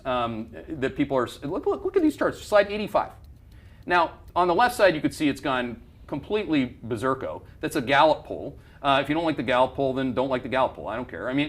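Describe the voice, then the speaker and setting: A man hosting a market commentary show, talking bluntly and heatedly, swearing and restarting his sentences as he rants through charts. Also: on the high side. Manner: fired-up, blunt ranting with profanity and repeated restarts. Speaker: investment firm CEO hosting a market show.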